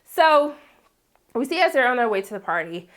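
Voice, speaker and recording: Woman recap host, high voice, sassy and blunt, big jumps up for asides. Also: sing-song, moderate pace. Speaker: TV episode recap vlogger. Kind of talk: casual recap commentary.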